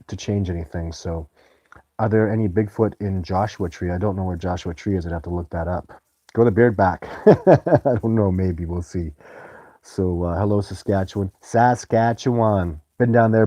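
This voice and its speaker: A man hosts a live stream in a loose, rambling way, greeting viewers and reacting to their comments. His voice sits low and sounds mellow and warm. The sound is dry, with no room echo. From Canada.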